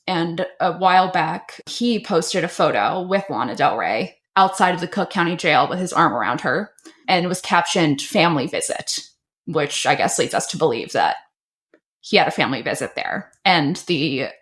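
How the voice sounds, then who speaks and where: A woman's voice: low-pitched, animated, moderate pace. A young woman co-hosting a podcast, explaining things casually and teasing, laughing often. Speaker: podcast co-host. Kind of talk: casual comedic chat.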